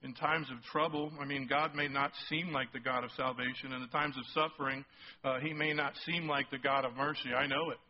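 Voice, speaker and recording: A male pastor preaching a sermon, emphatic and rising toward near-shouts on key points, often checking in with the congregation. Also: mid-range voice, fairly even intonation, brisk. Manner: asks the congregation frequent check-in questions. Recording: slightly muffled sermon recording.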